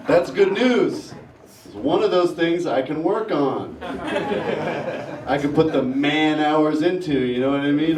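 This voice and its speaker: Self-mocking man doing stand-up in echoey theater. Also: a little high. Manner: self-mocking, rambling asides. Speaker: stand-up comic. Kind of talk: stand-up comedy set. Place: small theater with live audience. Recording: echoey room, mic heard from far, loud crowd.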